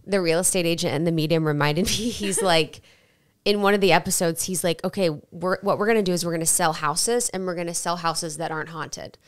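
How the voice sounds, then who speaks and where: A woman co-host with a slightly low voice retells things eagerly. She laughs as she talks and keeps the chat casual. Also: steady tone, brisk, smooth. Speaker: podcast co-host.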